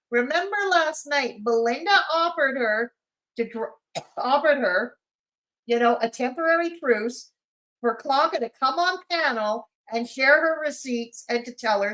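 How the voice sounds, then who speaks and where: A woman's voice: high-pitched, fairly bright tone, low-quality recording. A woman hosting a live-stream, commenting on clips in a sarcastic, mocking way. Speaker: commentary channel host.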